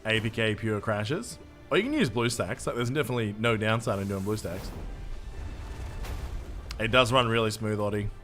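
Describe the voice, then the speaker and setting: A man's voice: fairly low pitch, animated, normal speed, pauses often, fairly bright tone, faint music behind. An Australian man streaming a game, chatting casually with his viewers in a jokey, self-mocking way and swearing freely. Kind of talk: live gameplay commentary, reading chat.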